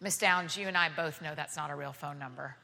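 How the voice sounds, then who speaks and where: A stern, joyless male passport officer, as a woman storyteller puts him on, speaking in a lowered, flat, clipped voice. His curt lines carry the long reverb of a large hall. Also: brisk, vocal fry, exaggerated voice.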